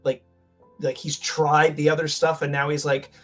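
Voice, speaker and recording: A man's voice: a little high, level tone, normal speed, soft background music. A man playing a tabletop game, musing and thinking aloud. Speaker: player.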